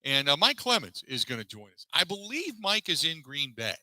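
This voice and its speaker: A man's voice: fairly high pitch, big pitch swings, normal speed, sharp tone, no room sound, low-quality recording. A man hosting a sports talk show, recapping a press conference and reeling off statistics in a conversational way, with many fillers. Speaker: sports radio host. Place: live broadcast from a pub.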